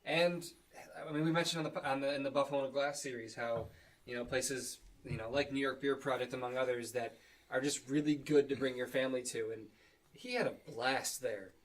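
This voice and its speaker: Casual podcast dad, rambling and playful, sits back from the mic. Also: male voice, medium pitch, steady tone, a little fast, distant mic, poor audio. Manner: rambling, with restarts and playful mock quotes. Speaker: podcast co-host, parent. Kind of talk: casual chat over beers.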